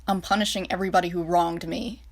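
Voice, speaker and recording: A woman's voice: fairly low pitch, steady tone, fast talker, close to an everyday voice. A woman voicing a cruel, mocking male dictator who personifies a nation, speaking with cold command. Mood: menacing.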